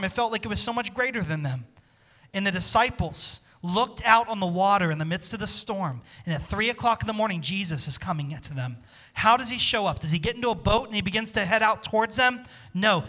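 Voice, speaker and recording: A man preaching a sermon as pastor, impassioned, dropping to a hush when quoting scripture. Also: high-pitched.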